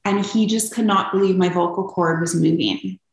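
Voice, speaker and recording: A woman's voice: lowish voice, moderate pace, gravelly. A young woman telling her personal story as an interview guest, earnest and open, with frequent ums. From Canada. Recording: echoey room.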